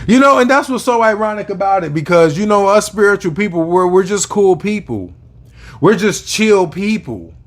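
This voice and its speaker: A man's voice: high-pitched, lively intonation, moderate pace. Profane man venting to camera. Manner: casual, profane, rambling with fillers. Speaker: spiritual vlogger.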